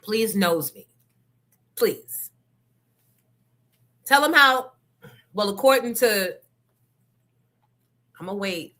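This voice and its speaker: Female host, confrontational profane rant, bright tense tone. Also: fairly high pitch, animated, extremely slow, long pauses. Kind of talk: casual rant to listeners.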